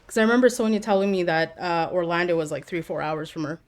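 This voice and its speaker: A woman's voice: lowish voice, fast. Woman streamer muttering through gameplay. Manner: muttered reactions and casual swearing. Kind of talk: live gameplay commentary.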